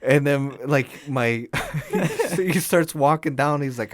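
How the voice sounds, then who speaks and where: A man's voice: medium pitch, unhurried, hardly any pauses, no echo. Young male podcast co-host, rambling casual storyteller, dry mic. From Chicago area. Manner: rambling, many fillers, laughs through stories.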